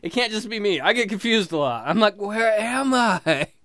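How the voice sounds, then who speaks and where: A male stand-up comedian delivers sardonic bits full of swearing. His voice is bright and lively, and his pitch jumps around a lot. The recording is dry and close. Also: fast, no room sound. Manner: sardonic, animated, swearing punchlines.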